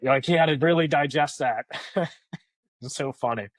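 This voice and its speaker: A man's voice: on the high side, animated, fairly quick, a bit bright, dry recording. Chatty man telling stories, dry mic. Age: 30s. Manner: chatty, laughs while telling stories, many fillers. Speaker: podcast guest, entrepreneur. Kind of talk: casual storytelling interview.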